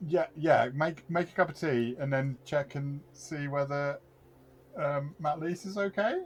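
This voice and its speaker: A man's voice: on the high side, unhurried, a little hiss or hum. A man playing in a tabletop role-playing game, speaking casually in a hesitant, sheepish way. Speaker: player.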